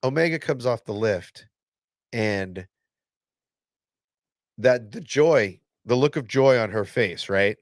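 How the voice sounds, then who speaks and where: A man hosting a casual fan reaction video, excitable and blunt, swearing and restarting his sentences often. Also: mid-range voice, slow, long pauses, dry recording, studio quality.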